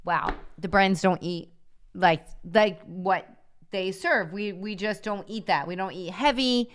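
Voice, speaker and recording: A middle-aged woman co-hosting a casual chat show, telling travel stories in a lively way and laughing often. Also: mid-range voice, a little hiss or hum. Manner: lively storytelling, quick to laugh. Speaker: co-host.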